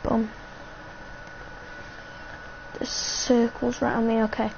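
Woman, game streamer, slow rambling chat, slightly high voice, dull lo-fi mic with faint hiss. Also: completely flat delivery, vocal fry. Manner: rambling, chatty, talks to viewers. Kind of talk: live gameplay commentary.

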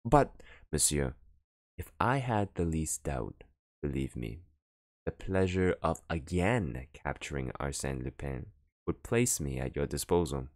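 A man giving voice to a seasoned police detective in an audiobook, low-pitched and unhurried, brushing off alarm with dry, dismissive calm. The voice sits close and dry, with lively rises and falls. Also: dry recording, exaggerated voice. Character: unflappable middle-aged male police detective.

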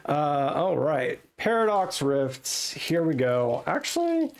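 A man casually chatting and thinking aloud as he opens trading card packs at a home desk setup, getting excitable over his pulls. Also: fairly high pitch, takes it slowly, vocal fry. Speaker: card-opening vlogger. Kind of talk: casual unboxing chat.

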